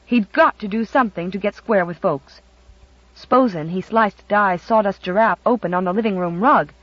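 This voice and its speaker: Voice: mid-range voice, moderate pace, no room sound. An audiobook narrator reading a children's classic expressively, recorded dry and a bit muffled. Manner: expressive storytelling. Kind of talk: scripted narration.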